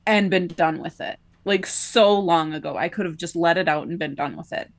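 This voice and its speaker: Woman on a podcast telling a story, kinda low voice, says like a lot, casual and chatty. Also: moderate pace. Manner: chatty, many filler likes, laughs between phrases. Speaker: podcast co-host.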